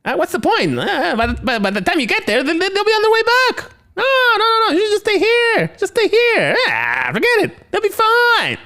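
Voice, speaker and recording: A man voicing a fussy, evasive male science officer with a very high-pitched voice, brushing off every worry. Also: sing-song, normal speed, few pauses, pushed and bright, exaggerated voice. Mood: dismissive. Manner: shrill, breezy, brushing off worries.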